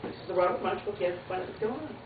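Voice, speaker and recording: A woman pre-K teacher reading a picture book aloud to children, an animated storyteller who adds playful asides and moves between loud sound effects and soft narration. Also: mid-range voice, rapid-fire. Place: classroom. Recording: tinny, echoey classroom from far off. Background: loud classroom noise.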